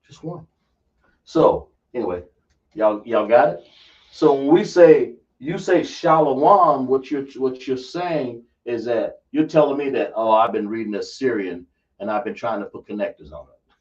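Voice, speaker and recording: A man's voice: medium pitch, lively intonation, normal speed, darkish tone. A man teaching a religious class, emphatic and quizzing his listeners with rhetorical questions. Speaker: religious instructor. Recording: dull, distant lo-fi recording.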